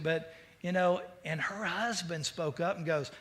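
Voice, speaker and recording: A male pastor preaching a sermon in an energetic, conversational storytelling way. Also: a little high, unhurried.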